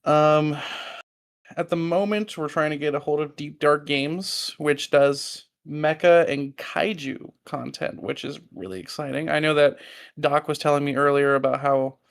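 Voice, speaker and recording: Male podcast host, fairly high smooth voice, laid-back and loose. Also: steady tone, a little slow. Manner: loose, casual, swears freely. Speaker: host and server owner. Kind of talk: casual podcast chat.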